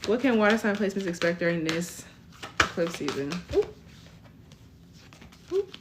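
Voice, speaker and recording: A woman's voice: mid-range voice, sing-song, normal speed, noisy background. A woman in her twenties giving a casual live tarot reading, chatty, tagging almost every line with "okay?". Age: 20s. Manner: chatty, tags lines with "okay?". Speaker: tarot reader.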